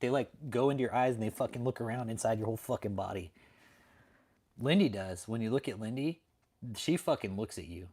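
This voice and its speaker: A man's voice: fairly low pitch, brisk, a little mellow. A male livestream host in casual chat, laid-back and profane.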